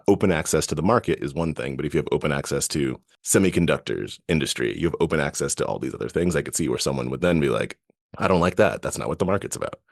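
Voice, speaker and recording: A man's voice: a bass voice, no room sound, clean studio sound. A man co-hosting a podcast in casual chat, reasoning aloud with frequent restarts. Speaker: podcast co-host.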